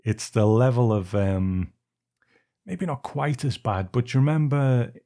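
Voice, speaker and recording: A man's voice: mid-range voice, unhurried, warm tone. An English man co-hosting a film podcast, talking in an easygoing storytelling way with chuckles. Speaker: podcast co-host. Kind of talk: casual podcast chat.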